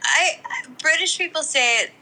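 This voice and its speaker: A woman's voice: high-pitched, a little slow, bright, forceful tone, a little hiss or hum, poor audio. A woman in casual chat, talking in a chatty way full of "like" fillers.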